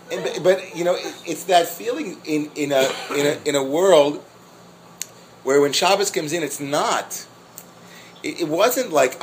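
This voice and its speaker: A man teaching a class as a rabbi, telling a story in an animated, halting way with many restarts and laughs. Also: medium pitch, slight background noise, low-quality recording. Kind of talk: storytelling lecture.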